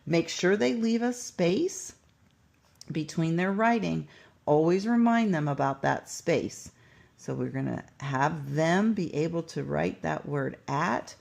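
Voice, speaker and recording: Woman teacher, low gravelly voice, unhurried, patient instructional delivery. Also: lively intonation, a little mellow. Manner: patient, step-by-step, sounds out words slowly. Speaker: teacher demonstrating a writing lesson. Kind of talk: instructional walkthrough.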